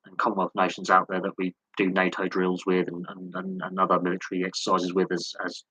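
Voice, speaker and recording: A man hosting a live sports Q&A, telling rambling anecdotes with lots of restarts and animated quoted dialogue. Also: sits low, fairly quick, husky, no echo, low-quality recording. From United Kingdom. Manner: rambling storytelling with frequent restarts and animated quoting. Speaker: host of a sports channel. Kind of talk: casual live Q&A chat.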